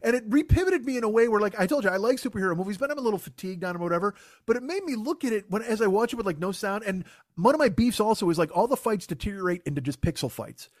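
A man's voice: high-pitched, animated, rapid-fire, no room sound, studio quality. A man hosting a podcast, telling a rambling, exasperated story in a casual comedic rant full of swearing. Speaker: podcast host.

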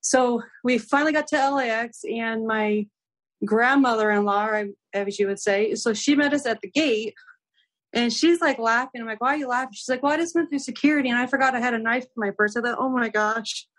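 Speaking briskly with a fairly high pitch, a young adult woman guesting on a podcast tells a story in a relaxed, animated way, performing the dialogue and saying "like" often.

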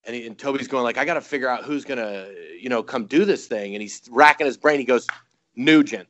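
A man's voice: medium pitch, quick pace, a bit bright. A man, a comedian guest, telling a story in casual chat and acting out voices and sound effects.

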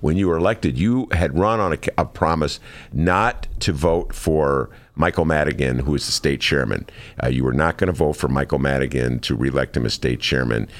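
A man's voice: rumbling low, moderate pace. A man hosting a radio talk show, speaking in a wry, easygoing drawl. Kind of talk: casual radio chat and interview.

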